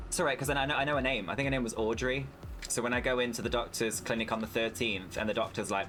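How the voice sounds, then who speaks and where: Talking fast in a mid-range voice with music playing behind him, a British streamer plays a farming game. He keeps up candid, sweary chat with his viewers as he goes.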